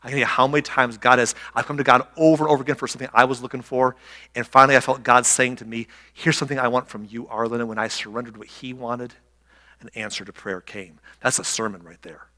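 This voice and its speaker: A middle-aged man preaching a sermon as a pastor, telling stories and acting out quotes with animated energy. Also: mid-range voice, fast, big-room sound. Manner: animated storytelling, acts out quotes. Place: church sanctuary.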